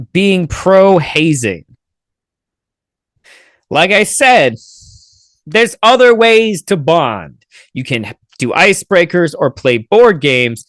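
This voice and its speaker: Guy doing snarky podcast commentary, kinda high voice, cusses a lot, dead dry room. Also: fairly bright tone, no room sound. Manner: sarcastic, swears a lot. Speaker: podcast host. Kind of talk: casual commentary reacting to clips.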